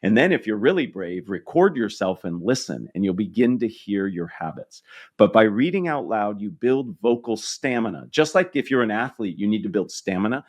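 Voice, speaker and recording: Man guest, lowish voice, very animated pitch, coaching manner. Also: normal speed. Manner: explanatory, coaching tone with small restarts. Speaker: guest, communication lecturer. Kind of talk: podcast interview.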